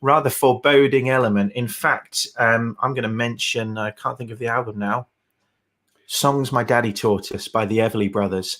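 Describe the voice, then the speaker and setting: A man's voice: mid-range voice, fairly even intonation, moderate pace, fairly bright tone. A man co-hosting a folk music livestream, chatting casually with fillers and rambling asides. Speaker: livestream co-host and singer.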